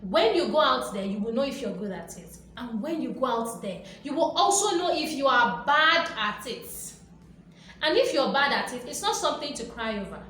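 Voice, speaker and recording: A woman's voice: sits high, sing-song, moderate pace, fairly bright tone. A woman hosting a motivational talk, speaking emphatically and repetitively, with playful acted-out quotes. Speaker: motivational video host. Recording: very echoey room with faint background noise.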